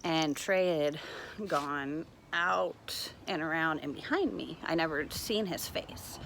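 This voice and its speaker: Low-voiced woman telling a hard story. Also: creaky, fairly bright tone, slight background noise. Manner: halting, earnest retelling with many fillers. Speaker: mother recounting a personal ordeal. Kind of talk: personal storytelling vlog. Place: at home, walking around the house.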